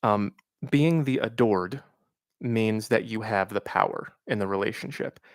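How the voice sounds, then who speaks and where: A man with a lowish, smooth voice hosts a casual live stream, reading out viewer questions. He answers with frank, reflective advice, pausing and using fillers as he thinks. The sound is close and dry. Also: no echo. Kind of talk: casual livestream Q&A.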